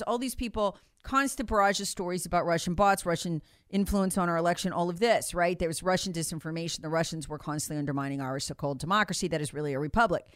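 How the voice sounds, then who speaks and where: A woman's voice: fairly low pitch, no echo. Emphatic woman, close dry mic. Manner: emphatic, repeats points, acts out others' voices. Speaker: political commentator guest. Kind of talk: animated political talk.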